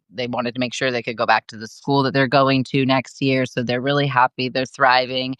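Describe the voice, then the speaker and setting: A chatty Californian woman talks through viewer questions in a relaxed, upbeat way, leaning on "like" and "um". Her voice comes across smooth and clean, recorded close and dry with no room sound. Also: very deep voice, dry recording. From Los Angeles area, USA. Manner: chatty, upbeat, fills gaps with "like" and "um". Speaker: co-host of a live video Q&A. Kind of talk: casual chat answering viewer questions.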